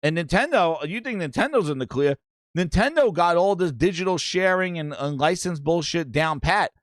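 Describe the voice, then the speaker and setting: Guy hosting a gaming show, swears a lot, voice jumps all over, high pitched. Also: no room sound, studio quality. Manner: animated, profane, reads chat aloud. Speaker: podcast host. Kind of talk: casual live-stream rant.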